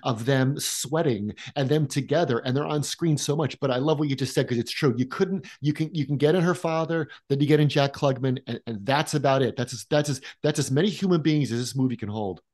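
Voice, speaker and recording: A man co-hosting a film podcast, talking in an animated way with quick restarts and asides. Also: medium pitch. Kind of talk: casual conversation.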